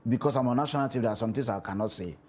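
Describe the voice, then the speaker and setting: Nigerian comedian, mellow animated voice. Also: male voice, medium pitch, rapid-fire. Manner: animated, mixes pidgin into English. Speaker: comedian guest. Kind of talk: TV interview talk.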